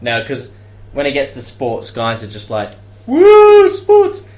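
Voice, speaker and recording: A man's voice: mid-range voice, fairly even intonation, moderate pace. Jokey young man in an echoey room. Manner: jokey, rambling, bursts into loud mock shouts. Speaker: co-host. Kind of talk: casual comedic chat.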